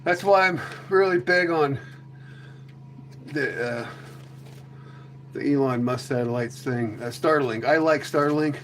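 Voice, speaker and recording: A man's voice: fairly high pitch, measured pace, pauses often, slight background noise. A man chatting casually with viewers on a live stream, rambling and joking with mild swearing. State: a little out of breath after chasing goats.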